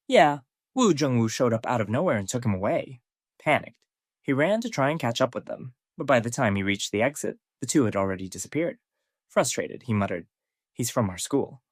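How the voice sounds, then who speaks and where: A man narrating a scripted story recap, reading characters' lines with heightened pitch. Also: no room sound, studio quality.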